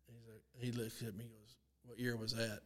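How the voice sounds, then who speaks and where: A man's voice: medium pitch, a little fast. Older man telling a story, reverberant room. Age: 60s. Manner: animated storyteller, acts out quotes, laughs often. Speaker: guest, long drive champion. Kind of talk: casual storytelling.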